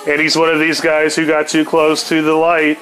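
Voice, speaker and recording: A man's voice: fairly high pitch, completely flat delivery, moderate pace, fairly bright tone, faint music behind. A man telling a rambling, profane story on his podcast, laughing now and then. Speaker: podcast host. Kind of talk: casual storytelling monologue.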